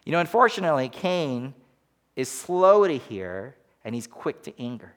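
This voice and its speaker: A man's voice: mid-range voice, very animated, normal speed, fairly bright tone. A man preaching a sermon as pastor, emphatic and full of rhetorical questions.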